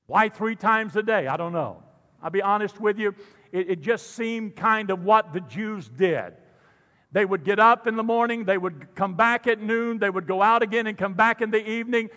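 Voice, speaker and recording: A man's voice: high-pitched, normal speed, a bit bright. An older man preaching a sermon as pastor in a church, fervent and drawn out on the big lines, with joking asides. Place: church sanctuary. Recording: long hall reverb.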